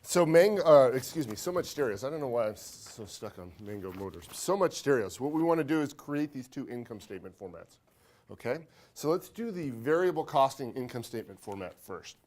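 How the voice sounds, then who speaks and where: A man lecturing an accounting class in a classroom, his pitch swinging up and down as he teases students. He talks fast and hyper, and his throat is dry from talking. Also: sing-song, darkish tone. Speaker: accounting instructor.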